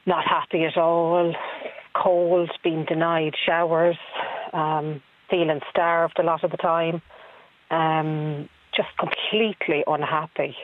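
A woman's voice: sits low, level tone, slow. A woman calling in to a radio show, telling her story earnestly and hesitantly, with many ums. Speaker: caller. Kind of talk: radio phone-in. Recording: phone line on radio.

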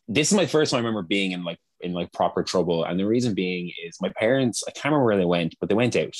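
A young man with a deep, low voice, telling rambling anecdotes and laughing often. His speech is full of restarts and fillers. The sound is dry and close. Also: animated, quick pace, no room sound. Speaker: guest. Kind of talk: casual storytelling chat.

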